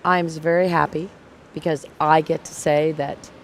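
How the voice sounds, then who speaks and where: A woman's voice: deep voice, flat delivery, unhurried, a little hiss or hum. A woman hosting a livestock show livestream, chatting casually and joking about herself, wearing a clip-on mic at the arena. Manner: chatty, joking, self-deprecating. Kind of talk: casual live commentary.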